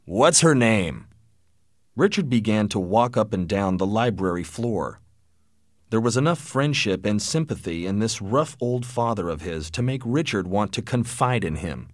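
A man narrating a story in a measured, expressive reading. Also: fairly low pitch, dry recording, studio quality.

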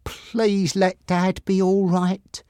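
Man doing a young woman, shaky and pleading, pitched up high, storybook. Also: little pitch movement, drawn-out words, warm tone, clear, resonant tone, no echo, studio quality. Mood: upset. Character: young woman, shocked daughter.

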